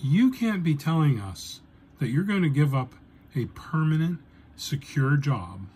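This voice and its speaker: A man's voice: a little high, big pitch swings, unhurried, darkish tone, slight background noise. A man voicing the jovial male boss of a pest-control crew, hearty and coaxing, turning incredulous.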